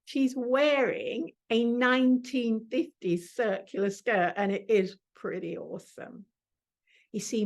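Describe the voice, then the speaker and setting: A middle-aged woman, an astrology teacher, telling a personal story with vivid sensory detail and soft asides. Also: mid-range voice.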